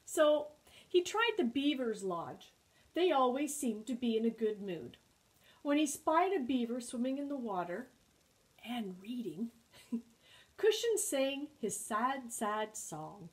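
Woman librarian, storytime reader, high voice, unhurried. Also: poor audio. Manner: expressive, animated storyteller. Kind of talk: storytime read-aloud.

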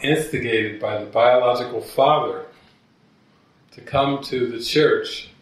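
Here the spiritual teacher takes his time, his medium-pitched voice unhurried as he tells stories to the gathering and laughs at his own jokes. The meeting hall echoes heavily, and his voice comes from far off.

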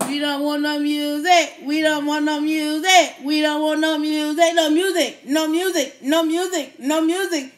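A woman's voice: sits high, measured pace, hardly any pauses, fairly bright tone. A woman hosting a casual live stream, chatting playfully with her viewers, teasing them and laughing often.

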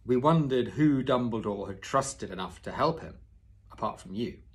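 A clever young schoolgirl coaxing an adult with flattery, voiced by a man reading aloud. The tone stays persuasive and warm-sounding. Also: medium pitch, normal speed, natural voice.

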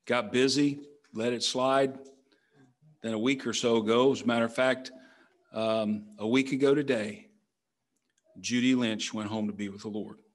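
A man's voice: mid-range voice, steady tone, moderate pace, long pauses. A middle-aged man, a pastor, preaching a conversational sermon in a church, full of rhetorical questions. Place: church sanctuary.

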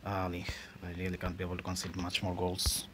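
A man's voice: sits low, monotone, a little fast, fairly bright tone, slight background noise. A young man commentating his football video game in frustration, swearing often and grumbling. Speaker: gaming channel host.

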